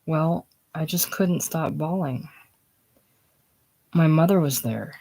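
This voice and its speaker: A woman voicing a chatty, excitable young woman who rattles on about her stage triumph, in a casual script reading. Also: low voice, slow pace, vocal fry, full character voice, low-quality recording. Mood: gushing. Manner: rattles on breathlessly, gushing.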